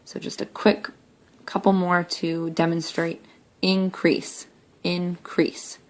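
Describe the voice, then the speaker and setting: A young woman teacher talking through a recorded spelling lesson, saying words slowly and clearly one at a time. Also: lowish voice, flat delivery. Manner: slow, clear word-by-word demonstration.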